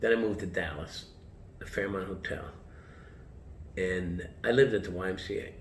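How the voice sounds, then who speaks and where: A middle-aged man from the United States talks in a casual interview, winding through anecdotes and swearing as he goes. His voice sits very low. The room is echoey, with a faint hum of background noise. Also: steady tone, normal speed. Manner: rambling anecdotes, swears, acts out quotes. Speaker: chef, interview guest.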